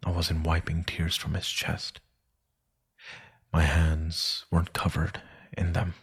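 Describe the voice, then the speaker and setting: Deep, slow, husky male narrator. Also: completely flat delivery. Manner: solemn, hushed storytelling that often sinks to a whisper. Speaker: story narrator. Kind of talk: scripted thriller narration.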